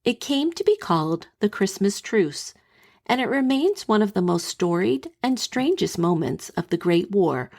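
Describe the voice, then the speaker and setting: A woman hosts a podcast, reading out a scripted history story. Her voice sits in a middle range with a gravelly fry running through it, and she paces her telling in a measured, dramatic way. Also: medium pitch, darkish tone. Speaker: podcast host.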